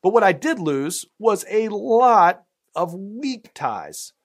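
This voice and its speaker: Southern guy preaching a sermon, chatty, lots of ums and rights, voice a bit on the high side. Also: sing-song, takes it slowly. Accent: American Southern. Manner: conversational, with many fillers and tag questions. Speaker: pastor.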